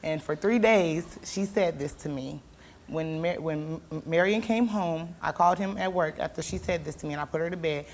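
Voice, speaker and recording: A woman's voice: sits low, normal speed, slight background noise. A young woman telling a talk show host an emotional story, her voice turning tearful and pleading. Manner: tearful, pleading, rising to shouts. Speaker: guest.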